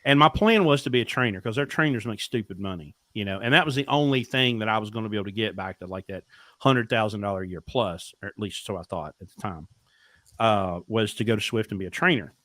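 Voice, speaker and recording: A man's voice: on the low side, fast talker, fairly bright tone, no room sound. A middle-aged man, a podcast guest telling blunt, profane stories and acting out dialogue. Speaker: podcast guest, truck driver. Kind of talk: casual storytelling interview.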